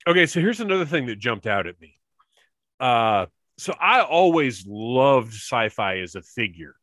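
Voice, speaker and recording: A man co-hosting a casual chat show over a remote call, excitable and quick to laugh. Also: mid-range voice, no room sound. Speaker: podcast co-host. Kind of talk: casual chat about a cartoon.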